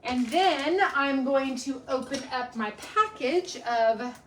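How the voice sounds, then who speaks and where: A woman's voice: sits high, lively intonation, slow, a bit bright, slight background noise. A woman hosting a home cooking live stream, chatting in a rambling way with lots of ums as she cooks in her kitchen. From Texas. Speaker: cooking show host.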